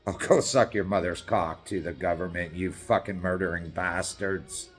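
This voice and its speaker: A man's voice: sits low, normal speed, slightly rough, soft background music. Angry, profane man ranting. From Canada. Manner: profane, combative, sarcastic. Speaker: political activist. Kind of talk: angry political rant.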